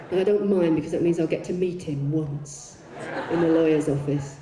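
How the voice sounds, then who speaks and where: A woman telling bawdy, swearing stories on a concert stage, with deadpan comic asides. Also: low-pitched, moderate pace, crowd noise. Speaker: poet performing on stage. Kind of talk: live stage storytelling. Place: large concert arena on stage. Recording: echoey arena heard from far off.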